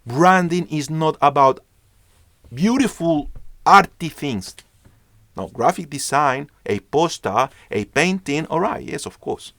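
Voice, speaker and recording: Speaking slowly and expressively in a slightly bright voice on the high side, a man teaches branding online in a dry recording. He stresses and repeats key points and dramatizes little dialogues.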